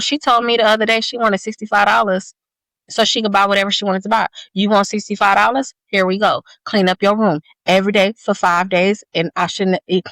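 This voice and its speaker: A woman's voice: medium pitch, a bit bright, no echo. Woman co-host, casual chat, blunt and profane, dry close sound. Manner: blunt, profane, talks fast in long stories. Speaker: podcast co-host.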